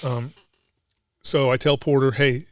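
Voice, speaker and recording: A man's voice: a little high, moderate pace, no echo, studio quality. A middle-aged man, a combat veteran guest, telling a war story in blunt, profane casual talk.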